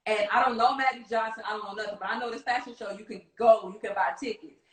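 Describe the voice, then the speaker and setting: A woman from Kansas City with a Midwestern accent, a casting director telling animated stories in an interview and laughing often. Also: on the high side, quick pace, reverberant, poor audio. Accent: Midwestern American. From Kansas City, United States. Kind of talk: storytelling interview.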